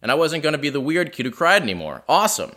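A man telling a personal story live in a living room, wry and mocking himself. His voice is bright and carrying, and his pitch swings widely from line to line. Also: fast talker. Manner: self-deprecating, animated, wry. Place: living room house show.

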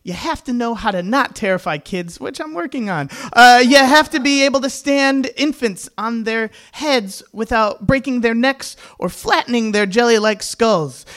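A man's voice: extremely high pitch, fairly bright tone. A young man with a tenor voice telling comic stories on a small stage, with wry, self-mocking delivery. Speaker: storyteller. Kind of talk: comedic live storytelling. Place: small stage venue before an audience.

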